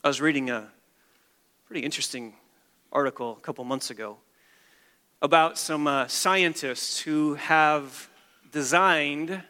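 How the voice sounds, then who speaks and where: A man's voice: a little high, unhurried, pauses often, pushed and bright, in a large hall. A man preaching a sermon as a pastor, emphatic and repeating key phrases for stress.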